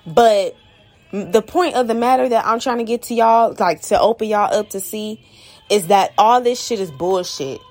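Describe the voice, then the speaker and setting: A woman's voice: mid-range voice, normal speed. Blunt, profane woman ranting. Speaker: podcast host.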